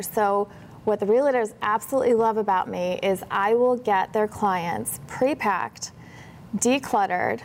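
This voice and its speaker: A woman's voice: mid-range voice, slight background noise. A woman, a professional organizer, telling stories in a casual interview and acting out the dialogue in a livelier voice. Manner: animated, acts out dialogue in a brighter voice.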